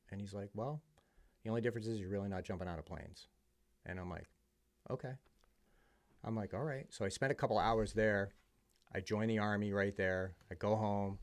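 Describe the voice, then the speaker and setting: Middle-aged man, from the US, gravelly fry, low voice, candid conversational storyteller. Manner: candid, conversational, drops to a hush at emotional moments. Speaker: podcast guest. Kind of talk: casual storytelling.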